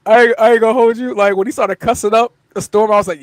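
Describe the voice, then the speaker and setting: A man's voice: high-pitched, steady tone, fast, no room sound. A man co-hosting a live wrestling podcast, recapping events in casual banter and quoting the wrestlers as he goes. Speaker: podcast co-host.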